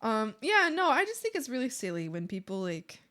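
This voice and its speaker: A woman's voice: on the high side, big pitch swings, normal speed, sharp tone. A woman streamer chatting casually while drawing, reading chat and often laughing and joking. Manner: bubbly, laughs a lot, swears playfully. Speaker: art streamer.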